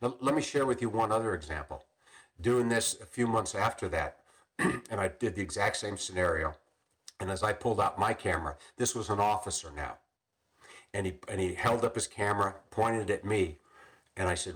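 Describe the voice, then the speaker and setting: Telling stories on a podcast, the older former police captain speaks in a lowish, slightly bright voice at a moderate pace. He restarts frequently and keeps clearing his throat.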